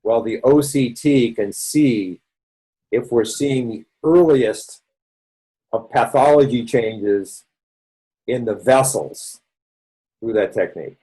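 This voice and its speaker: A man's voice: mid-range voice, takes it slowly, long pauses, dark tone, husky, poor audio. A man with a Boston accent giving a conversational health lecture, rambling and restarting as he explains. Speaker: doctor presenting a health session. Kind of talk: online presentation lecture.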